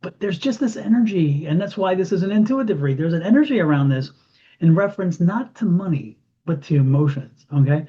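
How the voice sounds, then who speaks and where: A man giving an intuitive tarot reading to camera, animated and repeating phrases for emphasis. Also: high voice, brisk, husky. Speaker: tarot reader. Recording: dull lo-fi sound.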